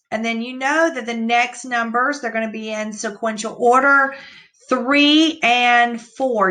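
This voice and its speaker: A woman's voice: mid-range voice, a bit bright. A woman teacher reading a picture book aloud to young children, patiently explaining the words and counting the numbers out.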